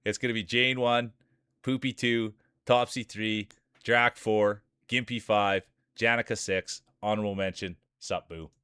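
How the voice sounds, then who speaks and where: A man from Canada hosting a live stream, chatty and excitable, laughing often and calling people "dude". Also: on the low side, measured pace, clean tone, no room sound. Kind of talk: casual live-stream commentary.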